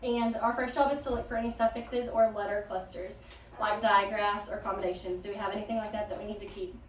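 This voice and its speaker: A woman's voice: mid-range voice, steady tone, fast talker, a little hiss or hum. A woman teacher leading a phonics lesson, patient and prompting her student. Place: classroom. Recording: echoey room, from a distance.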